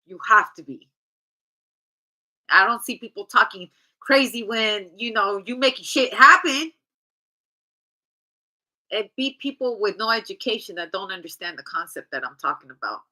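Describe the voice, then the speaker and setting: A woman's voice: medium pitch, expressive, normal speed, long pauses, pushed and bright, poor audio. A woman giving a casual tarot reading in a blunt, chatty, profane way. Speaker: tarot reader.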